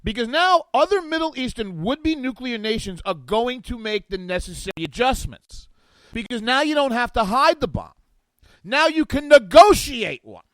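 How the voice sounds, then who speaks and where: Animated high-voiced talk radio man. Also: normal speed, no room sound, rough recording. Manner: animated and sarcastic, reading from an article and riffing on it. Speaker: guest radio talk show host. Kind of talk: political talk radio commentary. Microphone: studio microphone.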